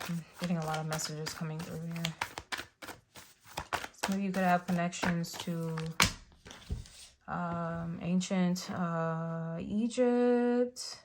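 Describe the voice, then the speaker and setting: A woman's voice: fairly low pitch, a little hiss or hum. A woman giving a casual spiritual tarot reading, rambling with many fillers and restarts. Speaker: tarot reader.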